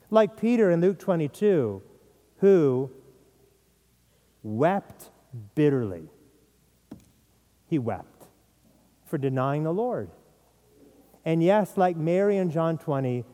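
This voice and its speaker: A man's voice: mid-range voice, dark tone, long reverb tail. A middle-aged man preaching a sermon as pastor, earnest, sometimes repeating words as he stresses a point.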